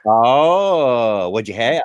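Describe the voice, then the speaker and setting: A man's voice: medium pitch, very animated, extremely slow, no room sound, dull audio. A man, hosting a live stream in a folksy, rambling way with many fillers and restarts. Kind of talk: casual chat.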